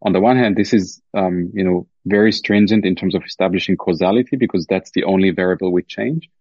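A man's voice: low voice, fairly quick, darkish tone, breathy edge, dry recording, dull audio. A man with a German accent explaining research carefully as a podcast guest, with many fillers and restarts. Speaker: guest scientist. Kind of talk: podcast interview.

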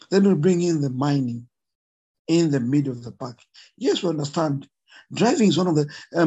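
A man's voice: on the high side, a little mellow, husky, low-quality recording. A man from Zambia with a Zambian accent, an emotional conservationist guest who speaks earnestly and repeats his points for emphasis. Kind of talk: impassioned interview talk.

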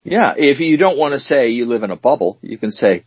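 A man co-hosting a casual chat show, teasing his co-host and reading word definitions out slowly. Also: medium pitch, expressive, breathy edge, dry recording. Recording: dull dry lo-fi recording.

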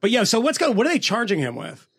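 A man co-hosting a podcast in casual panel banter, animated and laughing through quick asides. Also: very high voice, vocal fry, slightly rough, no room sound, clean studio sound. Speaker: podcast co-host.

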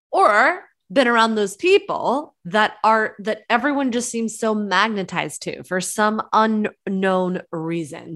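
A woman's voice: mid-range voice, expressive, unhurried, few pauses, fairly bright tone. A young adult woman hosting a solo podcast on business, chatty and encouraging, calling her listeners friends. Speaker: podcast host, business coach.

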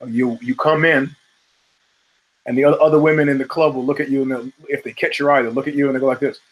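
A man's voice: mid-range voice, quick pace, rough recording. A man from the United States hosting a show, telling stories in a casual, profane monologue and acting out the people he quotes. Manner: profane, animated storyteller who acts out quotes. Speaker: show host.

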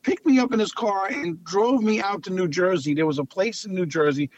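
A man, a clown telling lively stories as an interview guest and repeating phrases for emphasis. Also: high-pitched, a little fast. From Long Island, New York. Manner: animated anecdotal storyteller, repeats phrases for emphasis. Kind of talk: casual storytelling interview. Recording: dull lo-fi audio.

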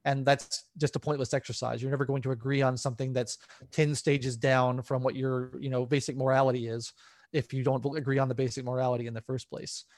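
Author guy on a podcast, talks fast and fluent, medium voice. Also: mid-range voice, flat delivery, a little mellow, no room sound. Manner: articulate, quick and fluent. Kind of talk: conversational interview.

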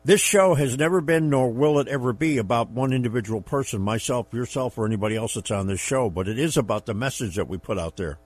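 A man's voice: medium pitch, fast talker, hardly any pauses, dry recording. A man hosting a political radio show, who chats casually and backs his co-host up with short agreements. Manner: affirming, conversational, brief backchannels.

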